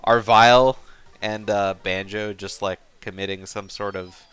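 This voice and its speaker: A man casually commentating a speedrun race, relaxed and rambling as he talks to the chat. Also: lowish voice, measured pace, clear, resonant tone.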